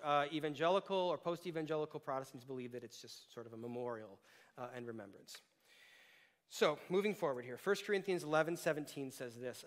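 A male pastor giving a sermon in a conversational way, with playful asides to the congregation. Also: mid-range voice.

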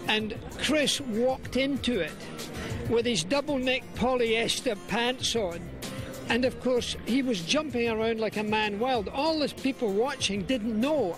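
High-pitched Scottish man telling a story. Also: rough recording. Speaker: guest. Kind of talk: anecdote in a TV interview.

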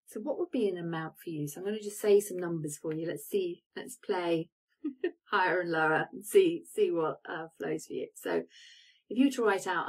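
A woman coaching viewers on a live stream, speaking in a soft, guiding way and inviting them to reflect. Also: fairly low pitch, breathy edge, poor audio. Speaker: manifestation coach.

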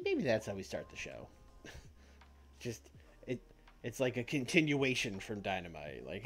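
A man's voice: on the low side, big pitch swings, measured pace, pauses often. A man streaming and chatting casually while booking shows in a wrestling game, joking and laughing often. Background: soft background music.

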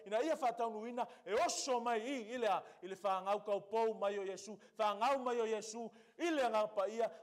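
Man, Samoan accent, pastor, church sermon, high voice, emphatic rhetorical questions.

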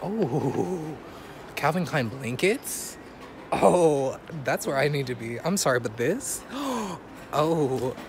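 A young man vlogging casually while shopping with a friend, animated and joking, laughing often, filmed on a handheld phone camera. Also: a little high, slow pace. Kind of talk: casual vlog chat. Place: shopping store. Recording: noisy store ambience, traffic.

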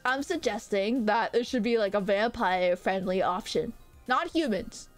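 A woman's voice: mid-range voice, expressive, normal speed. A woman streaming as a VTuber, chatting casually with her chat in a rambling way full of hesitant fillers. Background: faint background music.

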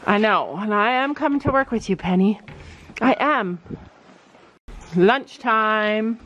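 A woman's voice: mid-range voice, lively intonation, slow pace, fairly bright tone, muffled recording, slight background noise. A woman hosting a casual vlog on a cold horse farm, chatting to the camera, laughing often and cooing at her animals. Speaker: vlog host.

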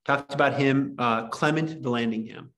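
Male history teacher, mid-pitched voice, digressive rambling lecture, filler-heavy, roomy classroom echo. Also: normal speed, fairly bright tone.

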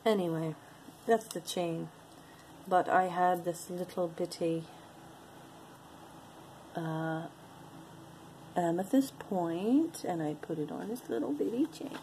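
A woman's voice: fairly low pitch, takes it slowly, long pauses, warm tone, slight background noise, low-quality recording. A woman chatting casually to viewers as she shows and sells jewelry, rambling and talking to herself between items. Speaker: online jewelry seller. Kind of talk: casual sales chat to viewers.

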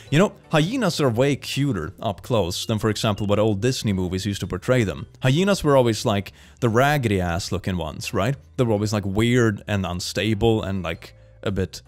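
Animated man reacting to clips. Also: fairly low pitch. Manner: animated, laughs often, quick exclamations. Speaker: reaction video host. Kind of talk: casual reaction commentary.

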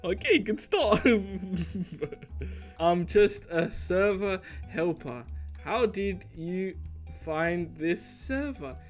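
A young man doing playful gaming commentary, excitable and jokey, swinging between mumbled asides and shrieks. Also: high voice, very slow. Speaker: Minecraft YouTuber. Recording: faint background music.

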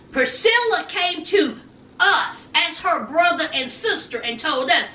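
A woman with an extremely high voice casually recaps a reality show at a measured pace, sounding distant from the mic in an echoey room. She's an animated recap vlogger who voices people's lines and sprinkles in folksy slang like "honey" and "child."

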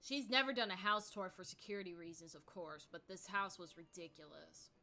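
A woman's voice: lowish voice, animated, brisk, pushed and bright. A woman streaming to her chat, ranting angrily in casual talk full of fillers.

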